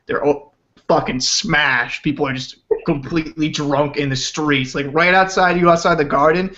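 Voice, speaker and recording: A man's voice: a little high, fairly even intonation, moderate pace, sharp tone. A young man from Rhode Island, a podcast guest who jokes brashly and swears a lot. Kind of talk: casual podcast chat. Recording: dull lo-fi voice chat audio.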